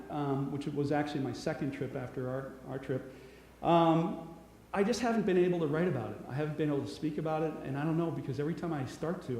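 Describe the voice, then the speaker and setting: A middle-aged man telling a lively personal story to an audience as a public speaker. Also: mid-range voice, a little hiss or hum. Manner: animated storyteller, bursts of loud acted shouts. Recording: echoey hall with long reverb.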